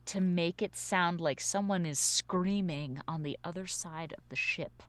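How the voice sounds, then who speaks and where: A woman playing a tabletop game, eager and quick to laugh. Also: on the low side. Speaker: player. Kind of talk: tabletop game play chat.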